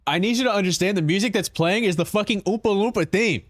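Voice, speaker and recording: A man streaming, reacting to his own clips in casual chat, animated and swearing, saying bro a lot. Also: high voice, fast talker, faint music behind.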